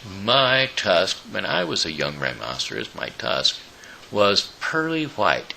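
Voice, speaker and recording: A man's voice: on the low side, big pitch swings, slow, gravelly, sharp tone, slight background noise, full character voice, low-quality recording. A man doing a grumpy old rhinoceros. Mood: angry. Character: old self-pitying male rhinoceros, angry and vain. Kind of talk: storybook read-aloud.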